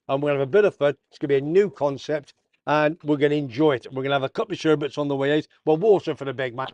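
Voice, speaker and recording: A man's voice: a little high, darkish tone, dry recording, muffled recording. A man hosting a casual sports roundup vlog, full of jokey banter and slang. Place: south of Tenerife.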